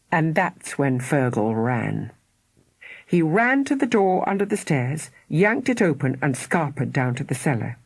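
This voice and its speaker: A woman reads a children's story aloud with expressive, lively intonation and dramatic pauses. Her voice is slightly husky. The recording is close and dry. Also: low-pitched, no room sound. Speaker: audiobook narrator. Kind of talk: scripted narration.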